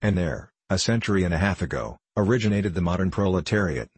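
A man's voice: deep voice, animated, fast talker, breathy edge, dry recording. A man voicing a remorseless, cutting debater. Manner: forceful, cutting, insistent. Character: fierce, remorseless male socialist debater.

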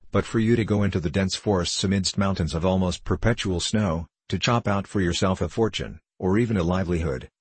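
A man's voice: low voice, husky, no echo. A man reading as an earnest pleading old father. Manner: earnest, beseeching, measured. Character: stern pleading elderly English father.

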